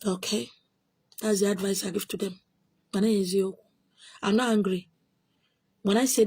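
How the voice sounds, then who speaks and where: A woman's voice: medium pitch, steady tone, unhurried, pauses often, a little mellow, husky. A Nigerian woman with a Nigerian accent, a spiritual teacher answering viewer questions on her own video channel in an emphatic, insistent way, repeating her points.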